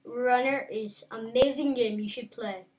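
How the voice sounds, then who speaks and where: A woman giving casual, playful game commentary, excitable and taunting. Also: a little high, a little slow, distant mic, a little hiss or hum. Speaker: gameplay commentator.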